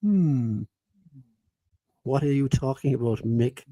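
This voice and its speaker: A man's voice: mid-range voice, lively intonation, slow, dark tone, no room sound. A man co-hosting a podcast, teasing and blunt in casual chat and reading out listener comments. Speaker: podcast co-host.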